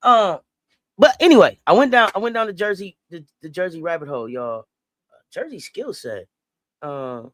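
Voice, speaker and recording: A man co-hosting a casual basketball talk show, animated and playful, repeating himself as he restarts thoughts. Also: high-pitched, moderate pace, no room sound. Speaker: podcast co-host. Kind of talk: casual sports chat.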